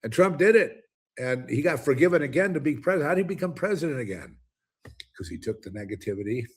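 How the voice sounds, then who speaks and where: A man's voice: medium pitch, expressive, quick pace, breathy edge. A man hosting his own commentary show, ranting alone in an emphatic, rambling way with many restarts. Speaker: commentary host. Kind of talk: ranting solo monologue.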